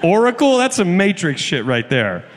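This is a man co-hosting a comedy podcast in front of a live festival crowd. His voice sits a bit high and leaps all over the place as he gets excited and blurts out loud, profane asides. A long reverb from the hall trails every line. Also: normal speed. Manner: excitable, bursts into loud exclamations, swears casually. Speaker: podcast co-host.

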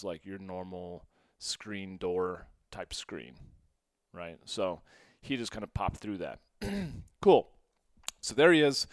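Lively storytelling man, low smooth voice. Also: dry recording, clean studio sound. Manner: animated, swings between hushed and loud; laughs often, quotes himself. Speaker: podcast host. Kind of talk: casual storytelling.

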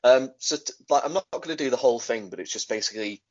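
A man's voice: mid-range voice, fast talker. Casual man recapping, dull lo-fi sound. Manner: rambling, filler-heavy, laughs easily. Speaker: podcast host recapping a wrestling show. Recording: dull lo-fi audio.

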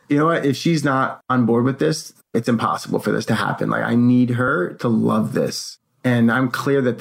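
A young man with a gravelly, fry-tinged voice tells a personal story in easy, casual chat. He is animated and slips into the voices of the people he quotes. His pitch sits in an ordinary middle range. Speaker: co-host.

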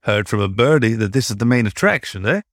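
A playful older rabbit teacher, voiced by a male narrator, low and relaxed. He teases in a folksy, easygoing drawl. The reading is close and dry. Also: fast, no room sound. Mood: teasing.

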